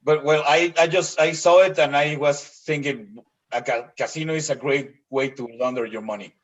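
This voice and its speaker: A man on a podcast making measured, deliberate remarks in casual chat. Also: on the high side, fairly even intonation. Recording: muffled lo-fi mic.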